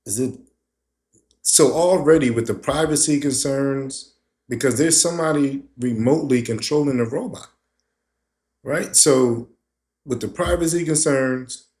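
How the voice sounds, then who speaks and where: A man reacting to a video clip in loose, casual commentary. He sounds skeptical, wanders through his thoughts and often repeats words before landing on a point. His voice sits at an ordinary middle pitch. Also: darkish tone. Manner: skeptical, rambling, repeats words while thinking aloud.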